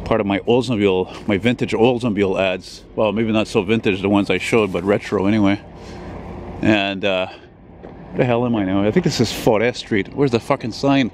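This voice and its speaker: A man's voice: on the low side, fairly even intonation, moderate pace, slight background noise. A man, walking outdoors on a city street and filming a casual vlog on a handheld camera, talking in a rambling, profane way with plenty of fillers. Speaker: vlogger.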